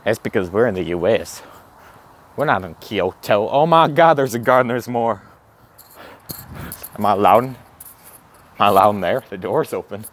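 Walking around a campus outdoors, a comedic vlogger in character films himself on a handheld camera. His voice is lowish, his pace moderate with long pauses, and he's excitable, gasping, swearing and letting out awestruck exclamations.

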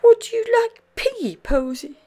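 Woman doing Pip, a gentle little boy. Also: big pitch swings, a little slow, exaggerated voice. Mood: coaxing. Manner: high gentle childlike voice. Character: kind little boy Pip, sleepover host.

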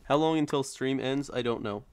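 A man's voice: medium pitch, a little fast, clear, resonant tone. A young man live-streaming a video game, chatting and joking casually with viewers, yelping and pleading when he is in trouble. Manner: jokey, playful, yelps and pleads when in danger. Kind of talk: casual live-stream chat while gaming.

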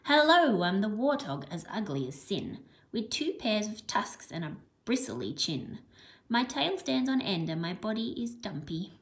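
A woman doing a boastful rhyming warthog. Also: medium pitch. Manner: sing-song rhyming delivery. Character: boastful ugly male warthog, gruff.

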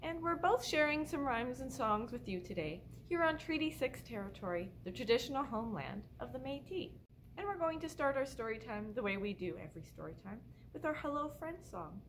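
A young woman leading a baby storytime as a children's librarian, talking in a gentle sing-song voice and singing simple songs and rhymes. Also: a little high, big pitch swings, fairly quick, slight background noise. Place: indoors, room at a library. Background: light ukulele accompaniment.

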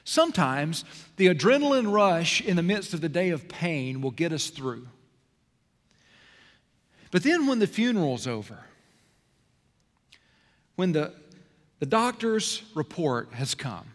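Lively pastor in a reverberant church. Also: male voice, a little high. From American South. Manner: lively, swings from loud to hushed. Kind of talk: sermon. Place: church sanctuary. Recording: long hall reverb in a church sanctuary.

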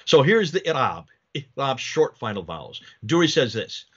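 A man lectures from slides in a mid-pitched voice, explaining step by step and asking rhetorical questions. He often restarts his sentences. The recording sounds somewhat dull and lo-fi. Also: sing-song, moderate pace, few pauses, a bit bright, husky.

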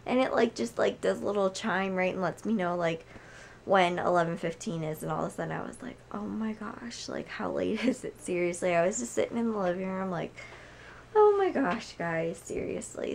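A young woman vlogging casually at home, hoarse from a cold and chatting with lots of fillers. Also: mid-range voice, slight background noise. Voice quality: gravelly. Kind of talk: casual chat to camera.

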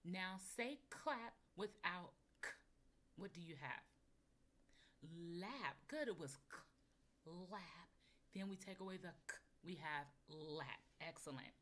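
A woman teaching a recorded phonics lesson to young children, encouraging them and sounding out words slowly and clearly. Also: on the low side, lively intonation, a bit bright. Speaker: kindergarten teacher.

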